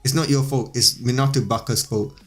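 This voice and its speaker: A man's voice: medium pitch, steady tone, fairly quick, faint music behind, natural voice. Defiant boy hero, read plainly by a man, protective and blunt.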